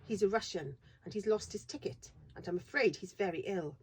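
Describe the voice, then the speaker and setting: A woman doing a bright, reassuring mother. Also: mid-range voice, fairly quick, slightly rough. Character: gentle, composed mother.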